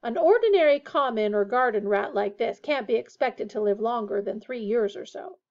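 A woman voicing a gruff middle-aged shop witch who talks bluntly and loudly. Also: a little high, lively intonation, moderate pace. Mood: brusque. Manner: brusque, blunt. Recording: dull lo-fi recording.

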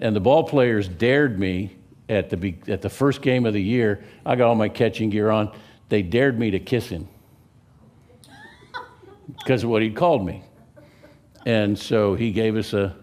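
A man's voice: lowish voice, darkish tone. A man in his seventies from California, preaching a sermon in a church, telling stories with a joking, folksy manner. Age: 70s. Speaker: pastor. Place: church sanctuary.

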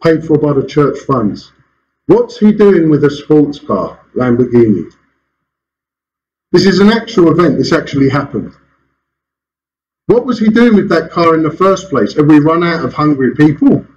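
A male pastor preaching with a fairly high voice that swoops and leaps through each phrase. He drives his points home with rhetorical questions and a quick chuckle. The recording is a bit dull and muffled, with a faint hum of the room behind him. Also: big pitch swings, a little mellow. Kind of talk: sermon. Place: church hall.

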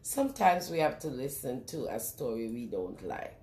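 A woman reading a picture book aloud to young children in a lively sing-song way, stopping often to ask them questions. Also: a bass voice, normal speed, echoey room. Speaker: children's storyteller.

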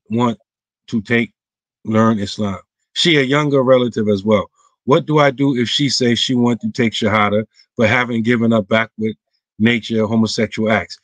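An imam answers viewer questions on an online roundtable, speaking casually and emphatically in a medium-pitched voice with no echo. His voice climbs whenever he stresses a point, and his grammar is clipped and everyday.

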